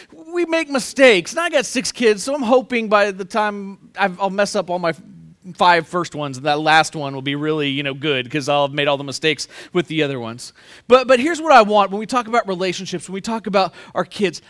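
A middle-aged pastor preaches with a high, bright, ringing voice. He tells stories and swings from hushed asides to loud punchlines. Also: normal speed. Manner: storytelling with lively swings between quiet asides and loud punchlines. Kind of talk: sermon.

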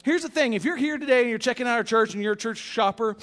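Brief: high-pitched man in his thirties, pastor giving a blunt, joking, casual sermon. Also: quick pace. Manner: casual, blunt and joking, with big swings in loudness.

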